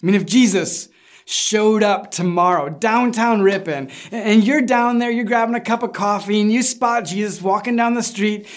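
A pastor preaching in a relaxed, conversational way, more like chatting than lecturing. The delivery tells the story plainly and slips into acting out what the people in it say. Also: mid-range voice, normal speed. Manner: informal storytelling, acts out quoted lines. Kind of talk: conversational sermon.

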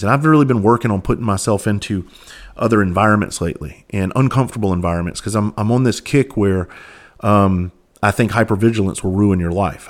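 A man with a fairly low voice, hosting a podcast. He tells his stories in a casual, candid monologue and swears freely along the way. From Southern United States. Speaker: podcast host.

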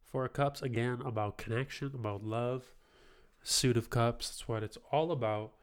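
A man's voice: medium pitch, normal speed, clean tone. A man in his twenties hosting a spiritual tarot podcast, talking in a reflective, affirming way with casual asides. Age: 20s. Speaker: podcast host, tarot reader.

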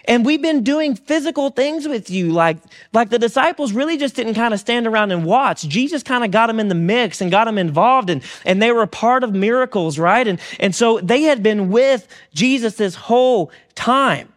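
A man preaching a sermon as pastor, talking in a relaxed, conversational way with many fillers and restarts. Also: very high-pitched, moderate pace, few pauses.

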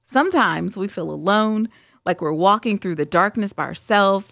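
A woman's voice: mid-range voice, big pitch swings, normal speed, creaky, fairly bright tone, no echo, clean studio sound. A woman hosting a spoken devotional, talking in an earnest, candid, conversational way. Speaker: devotional host.

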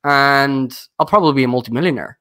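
A man's voice: mid-range voice, quick pace, sharp tone. A man with a noticeable accent, a guest investor talking casually on a podcast in a rambling way, with many fillers and restarts. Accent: non-standard accent, noticed by viewers.

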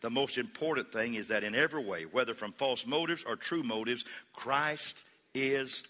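A male pastor delivering a sermon, moving from easy conversational talk to loud, rhythmic preaching. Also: mid-range voice, moderate pace. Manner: builds from conversational to shouting, preacher cadence. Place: church sanctuary. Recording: long hall reverb.

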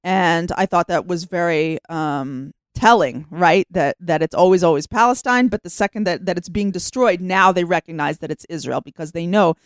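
A middle-aged woman co-hosting a radio talk, agreeable and measured in how she speaks. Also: fairly low pitch, clean tone, dry recording. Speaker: radio co-host. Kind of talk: radio discussion.

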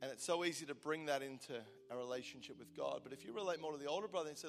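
A man in his forties preaching a sermon in a large church, shifting between fervent declarations and quiet, intimate appeals. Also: on the high side, rapid-fire, gravelly, few pauses. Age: 40s. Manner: impassioned, swinging from loud declaration to hushed intimacy. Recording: large hall reverb with soft music behind.

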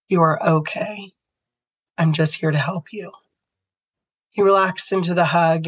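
A woman's voice: low voice, dry recording, muffled recording. A woman podcast host telling a personal story in an earnest, heartfelt way.

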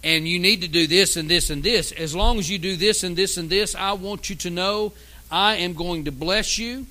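A man's voice: sits high, moderate pace, sharp tone, low-quality recording. A man preaching a sermon in a folksy, emphatic way, reading scripture aloud. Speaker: pastor.

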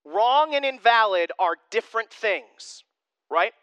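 A man's voice: sits high, expressive, slow pace, fairly bright tone, clear, resonant tone, dry recording. A man in his thirties, a pastor giving a conversational sermon with self-deprecating humor.

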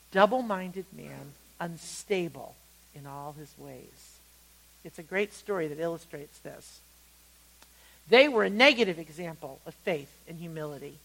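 A woman teaching a Bible study, retelling scripture stories with animated storytelling and acted-out quotes. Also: medium pitch, low-quality recording.

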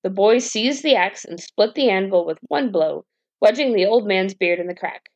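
A woman reading a fairy tale aloud as a bedtime story, in a calm, even storytelling manner. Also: mid-range voice, normal speed.

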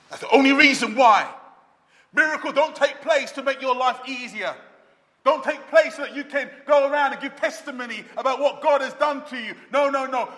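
A man preaching a sermon with dramatic swings between loud calls and soft, low lines. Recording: long hall reverb.

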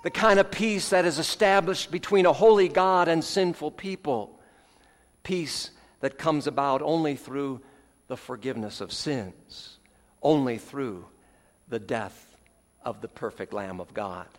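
A man preaching a sermon as pastor, earnest with dramatic pauses, letting phrase ends fall soft, with folksy asides. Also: on the high side. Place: church sanctuary. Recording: long hall reverb, church sanctuary.

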